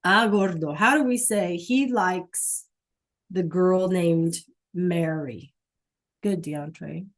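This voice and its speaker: A woman's voice: fairly low pitch, takes it slowly. A woman teaching a Spanish class online over a computer mic, patient, checking in often with "okay?" and "right?".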